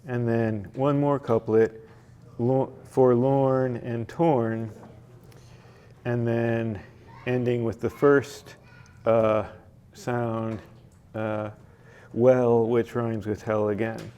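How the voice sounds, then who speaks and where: A man leading a library poetry workshop, explaining sonnet form slowly with frequent fillers and restarts. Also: mid-range voice, level tone, warm tone, smooth. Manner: slow, halting explanation with many fillers and restarts. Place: library meeting room.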